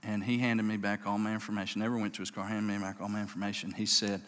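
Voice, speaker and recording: Folksy Southern preacher in a reverberant hall. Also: male voice, quick pace. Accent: Southern US, Louisiana. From Louisiana. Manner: folksy and animated, acts out voices, drops low and quiet for emotional moments. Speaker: pastor, state police chaplain. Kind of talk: storytelling sermon. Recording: long reverb of a large hall.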